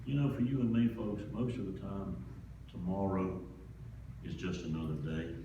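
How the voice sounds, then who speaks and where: A pastor with a low, steady voice preaches at normal speed in a folksy, conversational way full of homespun asides. The recording is distant, echoey, and dull, captured in a church sanctuary with a noisy background.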